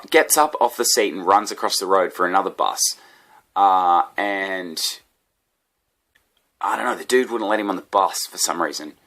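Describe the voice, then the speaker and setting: An Australian comedian delivers a casual, profane rant, rambling through a story and laughing at his own tangents. His voice is low with a sharp tone.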